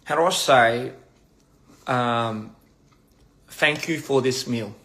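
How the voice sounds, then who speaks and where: A man's voice: mid-range voice, slow pace, bright, forceful tone. A young man on a casual phone livestream, playfully stumbling over foreign phrases while he eats. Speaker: livestream host. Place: indoors at a meal.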